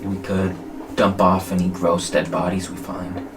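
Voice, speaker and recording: Easygoing low-voiced man player. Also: monotone, a little slow. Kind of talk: casual tabletop game chat.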